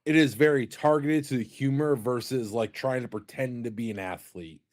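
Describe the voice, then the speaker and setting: A man's voice: mid-range voice, moderate pace. A man in a casual podcast chat speaking bluntly and emphatically, with swearing.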